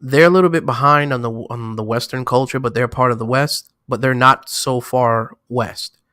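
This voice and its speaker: Bright-toned New man in casual chat. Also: medium pitch, steady tone, moderate pace, dry recording, clean studio sound. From New York. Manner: loose, boastful storytelling with slang. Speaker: podcast co-host.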